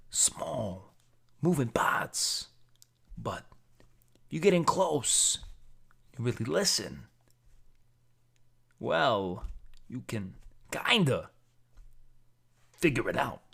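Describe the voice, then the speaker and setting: A man doing an impression of an older male film actor, speaking quietly in halting, oddly stressed bits. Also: medium pitch, gravelly, slightly rough, full character voice.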